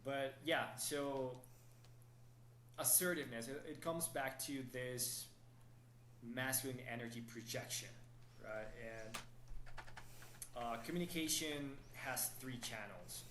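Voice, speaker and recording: A male dating coach talks through his ideas at a measured, explanatory pace and keeps checking in with a quick "right?". His voice sits at a middle pitch. The room is echoey, with faint ambience behind him. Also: a little hiss or hum. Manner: explanatory, steady, asks "right?" often. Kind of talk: podcast interview, explaining.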